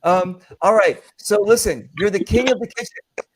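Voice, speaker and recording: A man's voice: high voice, normal speed, slightly rough. A man hosting a casual video call cooking chat, upbeat and chatty, often repeating himself. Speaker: host.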